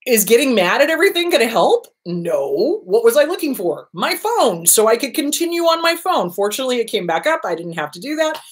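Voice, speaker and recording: A woman's voice: on the high side, very animated, brisk, few pauses. A middle-aged woman therapist hosting an advice talk, speaking casually and animatedly, acting out little voices and gasps to make her points. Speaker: therapist and show host.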